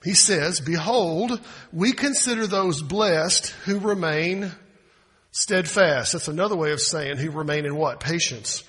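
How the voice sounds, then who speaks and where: A bright, higher-pitched man with a husky edge delivers a sermon in a conversational way. He throws rhetorical questions at the congregation and slips into quoted voices to make his point. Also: unhurried. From United States. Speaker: pastor.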